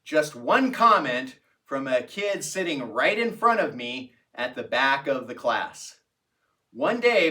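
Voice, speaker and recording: Bright-voiced man telling a memory. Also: mid-range voice, far from the mic. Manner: reflective, unhurried storytelling. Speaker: storyteller. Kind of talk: personal anecdote narration. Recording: voice set back from the mic.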